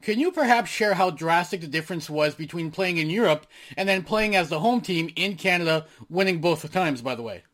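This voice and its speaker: A man with a slightly higher voice reads out long, formal questions to his guest. His phrasing sounds prepared and measured, as if written out in advance. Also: expressive, a bit bright. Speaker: interviewer.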